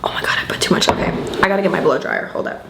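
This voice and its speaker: Tipsy young woman doing a grwm, lowish voice, swearing a lot, kinda echoey room. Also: very fast, creaky, in a whisper. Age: young adult. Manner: loose, rambling, heavy swearing, slangy. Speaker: beauty vlogger. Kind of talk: tipsy get-ready-with-me chat.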